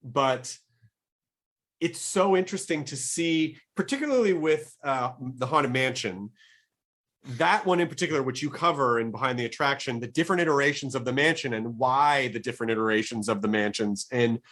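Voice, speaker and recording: A middle-aged podcast host chats eagerly in a casual interview, rambling through his thoughts and frequently restarting. His voice is medium-pitched and fairly bright, at normal speed.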